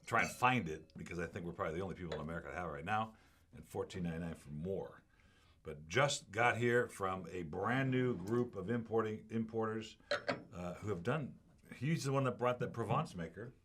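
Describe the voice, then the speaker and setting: A man's voice: fairly low pitch, a little fast, fairly bright tone, a little hiss or hum. A man hosting a wine tasting show, chatting casually and telling rambling, enthusiastic stories about wines and importers.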